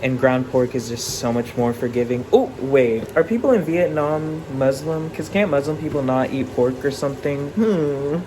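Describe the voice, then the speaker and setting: A man's voice: mid-range voice, fairly even intonation, normal speed, few pauses. Casual male vlogger, dramatic slangy delivery, kitchen fan humming faintly behind. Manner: dramatic, filler-heavy slang talk. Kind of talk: casual chatty vlog. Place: home kitchen. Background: fume hood noise.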